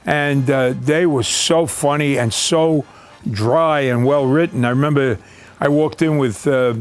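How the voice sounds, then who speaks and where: A man's voice: mid-range voice, unhurried. An older man, a veteran actor, reminiscing in a documentary interview, rambling with fillers and restarts. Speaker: actor recalling his career.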